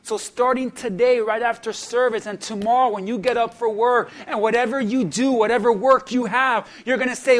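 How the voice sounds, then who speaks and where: A male pastor preaching a sermon, animated, with call-and-response, swinging from quiet asides to shouts. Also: very high-pitched, normal speed, few pauses.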